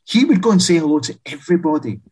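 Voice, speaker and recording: A man's voice: on the high side, sing-song, fast talker, a little mellow, breathy edge, poor audio. A man talking as a guest author in a casual interview, a chatty storyteller who laughs through his anecdotes.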